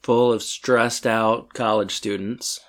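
A young man with a fairly low voice co-hosts a casual podcast recap. He cuts in to correct details and add plot points in a loose, chatty way, leaning on "like". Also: little pitch movement, slow pace, fairly bright tone. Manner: chatty, with many fillers like "like". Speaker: podcast co-host. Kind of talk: casual chat recapping a TV episode.

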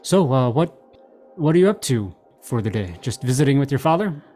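Guy doing a mild office assistant, hesitant and rambly, soft music behind. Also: mid-range voice, very animated, brisk. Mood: polite.

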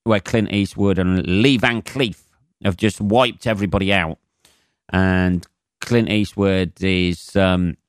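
A man's voice: deep voice, steady tone, takes it slowly, clean tone, dry recording, studio quality. A man in his forties from England hosting a solo comedy podcast, rambling and swearing, with lots of fillers and chuckles at his own jokes.

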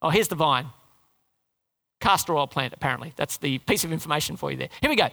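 High, bright-voiced male preacher. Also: fast talker, creaky. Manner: animated, rises high for emphasis and drops low for prayer. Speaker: pastor. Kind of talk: sermon.

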